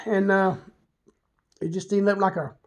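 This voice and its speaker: The same kind of monologue comes from a man whose voice sits high with little pitch movement, and he talks a little slowly. He is a Southern US vlogger, candidly rambling through self-deprecating stories from his past with lots of filler words.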